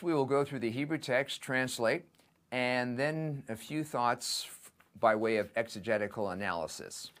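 A man teaching a seminary lesson, translating a Hebrew text word by word in a deliberate, methodical way. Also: medium pitch, fairly bright tone. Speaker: seminary professor. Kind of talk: lecture on biblical Hebrew.

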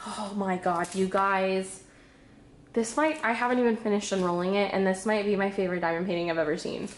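A woman's voice: medium pitch, a little fast, a little hiss or hum. Bubbly woman gushing over an unboxing, kinda out of breath, echoey room at home. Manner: bubbly, excitable, giggly. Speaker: craft vlogger. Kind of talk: casual unboxing chat.

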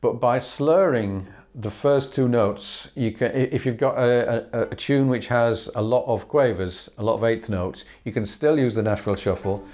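At normal speed and with few pauses, a medium-pitched male teacher explains fiddle patterns. His manner is relaxed and chatty, marked by small laughs, fillers, and bow counts spoken out loud.

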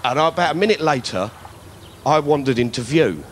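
A man's voice: on the high side, expressive, normal speed, a little hiss or hum. A man doing stand-up political comedy, ranting in mock indignation with plenty of swearing. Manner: acts out other people's voices.

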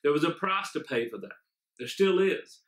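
A man's voice: a little high, animated, normal speed, a bit bright. A man, a pastor, preaching an online sermon and praying, fervent and often repeating amen and hallelujah. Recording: echoey room.

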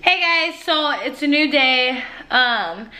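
A woman in her twenties chatting excitedly and nervously in a casual vlog. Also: high voice, takes it slowly, a crowd in the background. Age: 20s. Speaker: vlogger.

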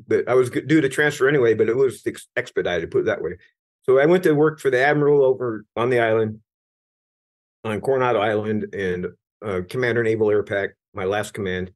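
This retired Navy senior chief, a middle-aged man from the United States, has a medium-pitched voice. In an interview he recounts his life candidly and earnestly, occasionally with emphasis, frequently starting his sentences over.

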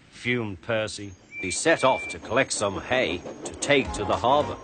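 A man with a British accent reading a children's storybook aloud in an expressive way, with music playing behind. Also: on the low side, a little slow, few pauses, breathy edge.

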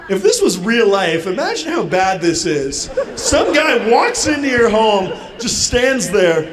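A man's voice: high voice, big pitch swings, unhurried, noisy background. A man telling a comic story on stage, acting out chat-room lines in different voices. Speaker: stand-up comedian. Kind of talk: stand-up comedy storytelling. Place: convention hall with audience. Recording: live hall with crowd laughter. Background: audience laughter.

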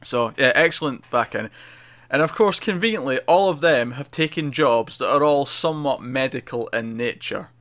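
He is a man co-hosting a casual TV review show, talking at a middling pitch. He recaps scenes with animated energy, laughing as he goes through the storylines. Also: normal speed, few pauses. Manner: animated retelling, laughs often. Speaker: TV review podcast co-host.

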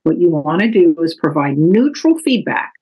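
A woman author giving a calm, measured, instructive talk that explains parenting strategies from her book. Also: low voice, breathy edge, muffled recording.

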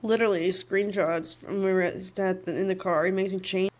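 A woman's voice: medium pitch, steady tone, a little fast. A woman streamer, heard in a played clip, venting bluntly and bitterly with heavy swearing.

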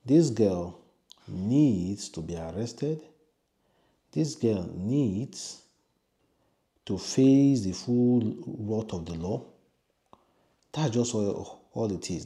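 A man's voice: fairly low pitch, dark tone. A man with a Nigerian accent giving emphatic, opinionated commentary, repeating his refusals.

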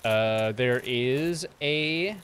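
Sweary gamer in a mock British accent. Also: male voice, mid-range voice, very slow, fairly bright tone, slight background noise. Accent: put-on British. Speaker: streamer playing a video game. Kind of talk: live gameplay commentary.

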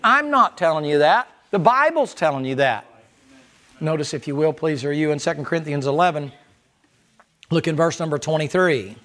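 A man's voice: lively intonation, moderate pace. Impassioned preacher man. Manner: impassioned preaching, rising to high shouted stretches when reading and quoting. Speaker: pastor. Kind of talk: sermon.

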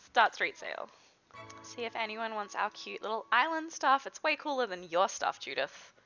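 Chatty young woman gaming, giggles a lot, bit of vocal fry, kinda muffled home mic. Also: on the high side, sing-song, moderate pace, bright, forceful tone, faint music behind. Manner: chatty, giggly, talks to her game characters. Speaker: gaming video host. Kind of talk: casual let's-play commentary.

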